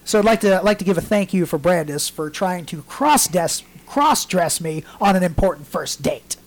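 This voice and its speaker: Male podcast host, casual and profane, an animated storyteller. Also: high-pitched, moderate pace, slight background noise. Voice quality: storytelling, animated voices in quotes, swears freely. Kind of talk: casual chat.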